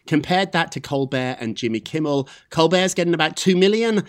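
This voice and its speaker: A man hosting a celebrity gossip show, chatting in a lively, animated way. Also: a little high, a little fast. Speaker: host.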